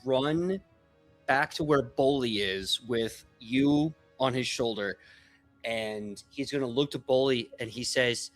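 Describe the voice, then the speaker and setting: A man's voice: medium pitch, takes it slowly, soft background music. A man running a tabletop game as game master, narrating the scene. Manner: lively, animated narration.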